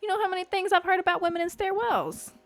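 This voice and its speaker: A young woman hosting a podcast, telling a story in casual chat, animated, full of fillers and swearing. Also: very high-pitched, fast, dry recording. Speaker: podcast host. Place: Los Angeles.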